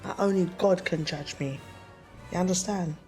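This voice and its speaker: A woman's voice: normal speed, a little mellow, soft background music, lightly acted. Woman doing a cocky slang-talking king. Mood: arrogant. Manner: boastful, slangy, drops low. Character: swaggering arrogant king, man.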